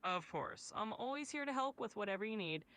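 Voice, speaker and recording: A woman's voice: mid-range voice, animated, fairly quick, a bit bright. A woman's voice as an AI voice assistant, polite and soothing, calling the listener sugar and darling. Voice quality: polite, soothing, evenly friendly. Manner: claims a Southern drawl with pet names. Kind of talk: scripted assistant chat.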